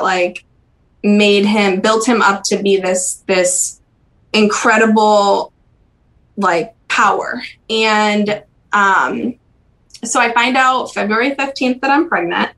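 A young woman speaking as a podcast interview guest, recalling personal memories in a halting, soft-spoken way with frequent pauses and restarts. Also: mid-range voice, steady tone, low-quality recording. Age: young adult.

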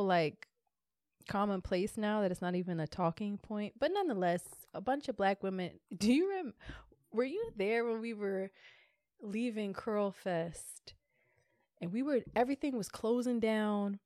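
A woman's voice: medium pitch, moderate pace, no echo. Tipsy, boisterous woman podcast co-host, dry close mic. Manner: loud, animated, tipsy and playful. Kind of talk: casual chat.

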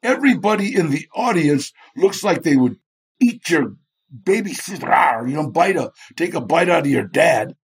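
A man's voice: a little high, expressive, normal speed, slightly rough. A man, a guest in an interview, telling stories animatedly, acting out the people he quotes and laughing often. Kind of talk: storytelling in a chat interview.

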